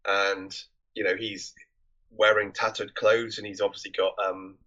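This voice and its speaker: Bright-voiced man on muffled audio. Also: fairly low pitch, measured pace. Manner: relaxed, trails off mid-sentence. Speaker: podcast co-host. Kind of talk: casual film discussion.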